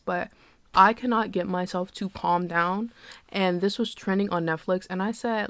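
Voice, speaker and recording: A woman's voice: medium pitch, fairly even intonation, normal speed, dry recording. A woman giving casual movie reviews in a candid, joking, sarcastic way, with profane asides. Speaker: film reviewer.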